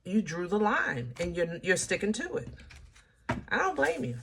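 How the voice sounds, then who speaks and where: A woman giving a casual tarot reading, talking straight to her viewers in a chatty, animated way. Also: medium pitch, normal speed, gravelly, background noise. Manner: animated, chatty, laughs at herself, speaks to viewers as y'all. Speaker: tarot reader.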